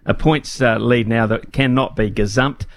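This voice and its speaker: A man hosting a casual chat, unhurried and with many fillers. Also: mid-range voice, steady tone. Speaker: host.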